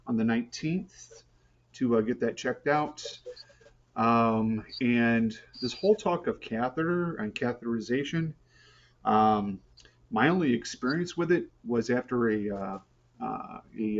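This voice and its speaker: A man in a support group sharing his story on a video call, talking hesitantly with lots of fillers and restarts. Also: mid-range voice. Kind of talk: casual chat on a video call. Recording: slightly muffled call audio.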